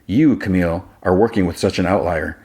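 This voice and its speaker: A man reading the lines of a calm, controlling male computer in a measured, clinical way. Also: deep voice, breathy edge.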